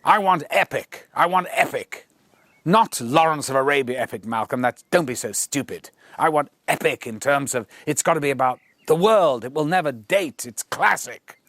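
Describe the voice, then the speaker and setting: A man's voice: a little high, expressive, normal speed, a bit bright, dry recording. An older Englishman imitating a stern, dismissive male film director who scolds and lectures. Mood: insistent. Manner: scornful, impatient.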